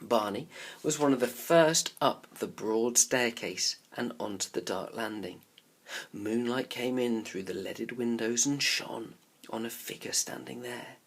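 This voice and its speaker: A male teacher reads a children's novel aloud to his class. His delivery is expressive and storybook-like. At tense parts he drops his voice to a near whisper. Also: mid-range voice, measured pace.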